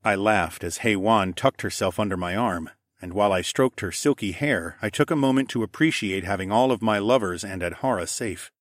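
A man with a low voice reads a first-person audiobook. His telling is steady and matter-of-fact. The recording is dry and close. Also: normal speed, few pauses, dry recording. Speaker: narrator.

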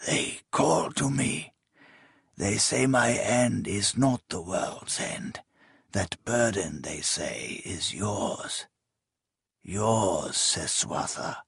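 A man voicing a dying old king, grieving and tender, speaking weakly in halting half-whispers. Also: medium pitch, animated, slightly rough, no echo, studio quality. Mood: mournful. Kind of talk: audiobook character reading.

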